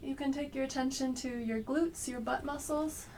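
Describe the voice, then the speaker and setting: Gentle woman guiding a slow workout. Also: sits high, distant mic, a little hiss or hum. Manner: gentle, unhurried cueing with frequent ums. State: slightly congested from a cold. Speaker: movement instructor. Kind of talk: guided exercise class.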